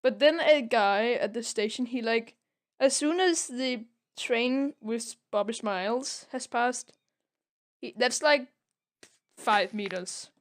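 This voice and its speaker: A woman's voice: fairly high pitch, slow pace. A young woman recapping a comic on a casual podcast, rambling with lots of filler words. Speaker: podcast co-host.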